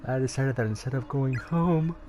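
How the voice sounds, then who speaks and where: A streamer reading game dialogue aloud, voicing the sad, quiet ghost of a young schoolgirl in a soft, subdued way. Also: mid-range voice, normal speed, natural voice. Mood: wistful.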